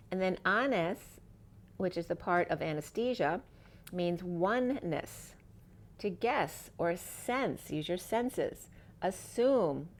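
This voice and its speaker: A woman's voice: lowish voice, a little mellow. A middle-aged woman giving a spiritual tarot reading, wandering from card to card with free-associating wordplay. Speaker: tarot reader.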